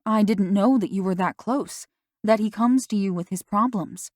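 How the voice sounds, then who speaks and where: A woman voicing a worried, gentle mother who questions her daughter in a soft, coaxing way. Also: medium pitch, moderate pace, no echo, studio quality, lightly acted.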